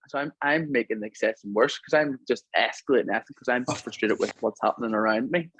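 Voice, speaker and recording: A man's voice: medium pitch, fast talker, hardly any pauses, fairly bright tone, slightly rough, no echo, poor audio. A man talking as a podcast guest, telling a reflective, earnest story in a casual chat.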